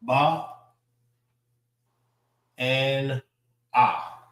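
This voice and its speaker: A man, teaching a class letter by letter in a slow, patient way, repeating each sound and saying "all right" between letters. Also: medium pitch, fairly even intonation, a bit bright, echoey room.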